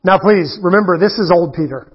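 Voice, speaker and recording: A man preaching a sermon in a conversational, animated way, full of rhetorical questions. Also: sits high, fairly quick, breathy edge, dull audio. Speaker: pastor.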